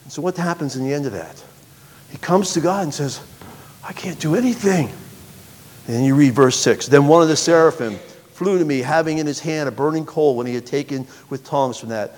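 A man preaching a sermon, reading scripture aloud with sharp swings between loud, high bursts and quiet, low passages. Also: brisk, long reverb tail, slight background noise. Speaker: pastor.

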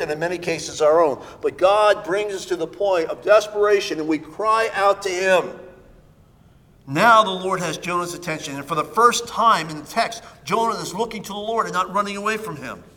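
A pastor preaches in a high, ringing voice, swinging between hushed asides and loud, emphatic stresses. His words trail off into the long reverb of a church hall. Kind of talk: sermon.

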